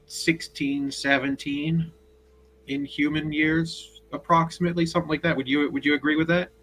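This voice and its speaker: A man joining a casual fan chat as a guest, measured and a bit hesitant with a dry wit. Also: on the high side, steady tone, fairly bright tone, a little hiss or hum, rough recording.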